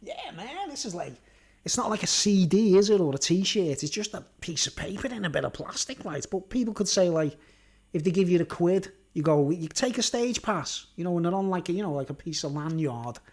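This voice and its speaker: A man talks to his viewers in a loose, rambling vlog monologue, peppered with swearing and filler words. His voice sits a touch higher than most men's. The delivery is casual and unscripted. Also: fairly quick, a little mellow. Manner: casual, rambling and sweary, full of "like" and "you know". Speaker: YouTuber.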